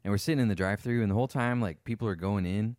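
A man hosting a casual podcast, relaxed and laid-back, swearing easily as he tells a story. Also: lowish voice, rapid-fire, no room sound, clean studio sound. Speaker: podcast host. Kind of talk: casual chat.

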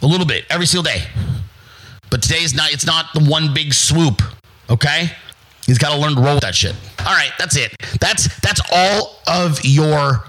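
At a moderate pace and with a fairly high, sharp-toned voice, an American man hosting his show delivers a brash, profane, emphatic, repetitive motivational speech. He ridicules others with put-on voices, and the recording is low quality.

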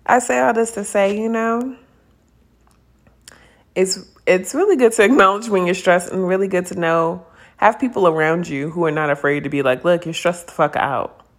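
A woman's voice: medium pitch, normal speed. A young woman hosting a podcast, talking candidly and casually with profanity and frequent laughter. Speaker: podcast host. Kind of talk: casual personal monologue.

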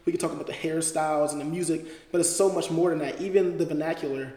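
A man's voice: a little high, steady tone, fast, dark tone. A young adult man, a podcast guest, explaining his views earnestly in casual discussion with many fillers. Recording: roomy with long reverb.

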